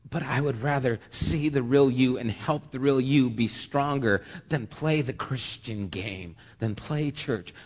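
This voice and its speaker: A man's voice: mid-range voice, measured pace, few pauses. A man preaching as pastor, earnest and heartfelt, often stammering and repeating words. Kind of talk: sermon. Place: church sanctuary. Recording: long reverb of a church hall.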